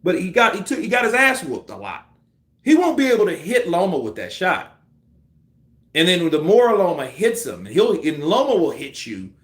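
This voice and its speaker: A man's voice: high voice, moderate pace, reverberant. A man giving casual, profane boxing commentary on a live stream, acting out punch combinations. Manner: animated, profane, acts out punch sequences.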